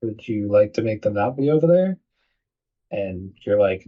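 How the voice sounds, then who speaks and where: A man co-hosting a casual podcast chat, jokey and quick to act out characters. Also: on the low side, mellow. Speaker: podcast co-host. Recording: dull lo-fi recording.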